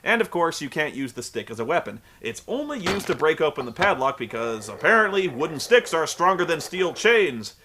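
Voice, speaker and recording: A man's voice: a little high, sing-song, a little fast, hardly any pauses, noisy background. A man giving a comedic video game review, sarcastic, exasperated and profane.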